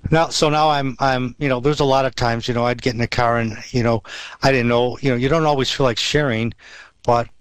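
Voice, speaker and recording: A man's voice: medium pitch, steady tone, a little fast, smooth, no room sound. A man telling a personal faith story in a rambling way, with many restarts and fillers. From Western New York. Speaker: guest sharing testimony. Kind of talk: storytelling testimony.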